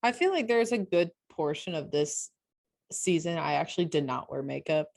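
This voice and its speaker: A woman's voice: normal speed, gravelly. Tired woman with a sore throat. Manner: low-key, flat delivery. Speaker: podcast co-host. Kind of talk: casual chat.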